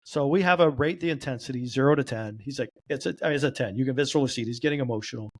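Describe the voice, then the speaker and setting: A man, a guest on a podcast, telling a story in animated fashion and acting out the dialogue he quotes. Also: medium pitch, racing. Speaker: guest, trauma therapy practitioner.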